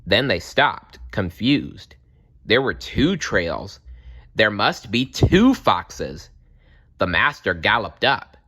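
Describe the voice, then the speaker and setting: A man reads a children's animal story aloud at an unhurried pace. His voice swings widely in pitch to bring the tale to life. The tone is bright and clear. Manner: slow, expressive read-aloud.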